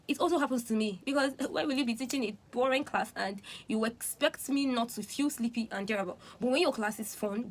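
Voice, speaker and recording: A woman's voice: on the high side, poor audio. Chatty young woman explaining science. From Nigeria. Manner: chatty and animated, acting out sleepy voices and sighs. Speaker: student host of a physiology channel. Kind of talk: casual educational vlog.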